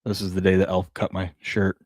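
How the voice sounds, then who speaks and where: Low-voiced man telling family stories. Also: monotone, brisk, a little mellow, dry recording, studio quality. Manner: laid-back storytelling with laughs. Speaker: sports show co-host. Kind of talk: casual chat.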